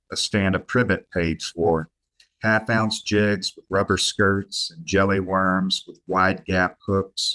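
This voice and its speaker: A middle-aged man with a drawl, reading his poetry with a slow, steady cadence. His voice sits very low but carries a bright, forward edge, and he never hurries a line. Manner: unhurried, reads poems in an even measured tone. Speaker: guest poet. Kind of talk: podcast chat and poetry reading.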